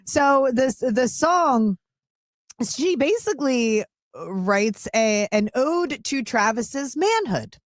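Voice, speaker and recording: Lively Philadelphia woman radio host. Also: high voice, dry recording, clean studio sound. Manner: animated, laughs often, quick asides. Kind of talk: casual sports radio chat.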